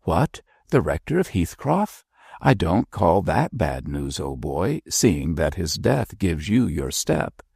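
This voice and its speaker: A man's voice: sits low, big pitch swings, slow pace, vocal fry, darkish tone, breathy edge, no echo, clean studio sound, heavily acted. Man doing a jaunty, teasing young captain. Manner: playful, bantering, irreverent.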